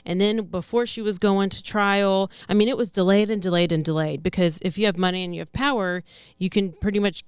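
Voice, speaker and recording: A woman's voice: mid-range voice, steady tone, fairly quick, clean tone, no room sound, clean studio sound. A woman co-hosting a podcast, chatting casually about true-crime news in a rambling, self-correcting way. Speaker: podcast co-host.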